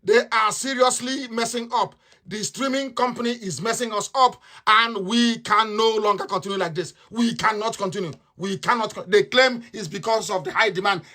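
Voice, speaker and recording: A man's voice: high-pitched, pushed and bright. A man, delivering an impassioned live radio monologue full of repetition and mockery. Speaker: radio broadcaster.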